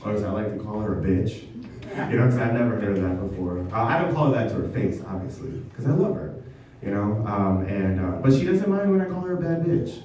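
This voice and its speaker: A man doing a stand-up comedy set in a basement venue, talking in a halting, self-deprecating way with many ums. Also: fairly low pitch, lively intonation, warm tone, slight background noise. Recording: echoey basement room, mic from far off.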